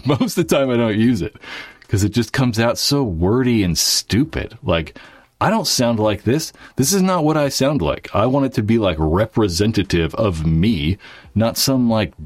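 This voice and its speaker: A man's voice: fairly low pitch, darkish tone, husky, dry recording. A man hosting his YouTube channel, chatting casually to viewers in a rambling way, with lots of fillers and swearing. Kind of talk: casual livestream chat.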